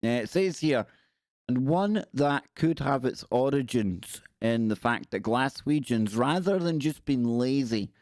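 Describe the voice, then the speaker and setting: A man's voice: mid-range voice, expressive, unhurried, a little mellow, dry recording, studio quality. A man hosting a casual live stream, reading an article aloud and chatting with viewers. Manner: chatty, reads aloud and talks to chat viewers.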